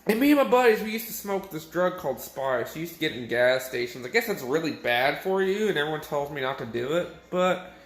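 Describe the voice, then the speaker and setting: A young man, clearly drunk, rambles through a crude, swearing rant to his camera and chuckles at his own jokes. His voice sits fairly high and leaps around with lively swings in pitch. The room is bare and echoey. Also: a little fast. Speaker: vlogger.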